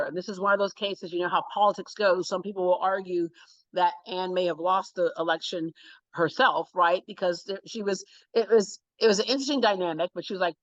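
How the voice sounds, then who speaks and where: A woman's voice: on the low side, fairly quick. A woman talk-show host tells stories as an interview guest and acts out the voices in them. Her voice sounds dull and close. There is no room echo around it. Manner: animated, acts out quotes in different voices. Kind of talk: storytelling interview chat.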